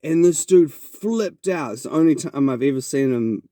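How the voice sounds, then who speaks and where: Mellow-voiced New Zealand man rambling. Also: a little high, animated, moderate pace, dry recording, clean studio sound. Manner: rambling and reflective, with many restarts. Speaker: podcast host. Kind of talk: casual storytelling monologue.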